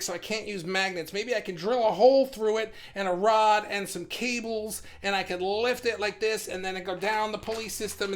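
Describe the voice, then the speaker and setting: Rambling, animated man hosting a live stream. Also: high voice. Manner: rambling, animated, profane, reads viewer comments aloud. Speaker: livestream host. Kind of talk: casual live-stream monologue.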